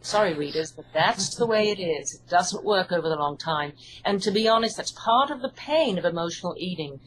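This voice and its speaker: English woman, hypnotherapist guest, lower register, earnest and reassuring, faint noise on the line. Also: expressive, a little fast, rough recording. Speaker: hypnotherapist and author. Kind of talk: interview answers.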